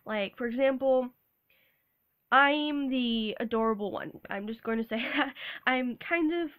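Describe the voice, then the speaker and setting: Young woman vlogger, sick and hoarse-throated, awkward, halting, higher voice. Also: a bit bright. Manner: awkward, halting, laughs often. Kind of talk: casual rambling vlog.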